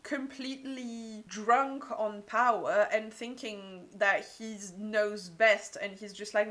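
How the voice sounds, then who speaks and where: A woman's voice: medium pitch, steady tone, takes it slowly, few pauses, fairly bright tone. A woman giving a casual book review, gushing and peppering her talk with "like".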